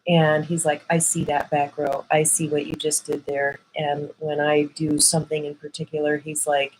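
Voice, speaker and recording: A woman's voice: low-pitched, monotone, moderate pace, a little hiss or hum, low-quality recording. A woman vlogger telling an emotional personal story to camera, acting out the voices of people she quotes.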